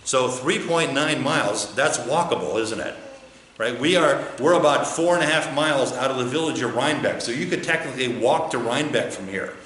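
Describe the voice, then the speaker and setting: A man's voice: mid-range voice, a little fast, a bit bright, slight background noise. A male pastor teaching a conversational sermon, often asking the congregation questions and answering them himself, with an American accent. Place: church sanctuary. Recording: roomy church with faint ambience.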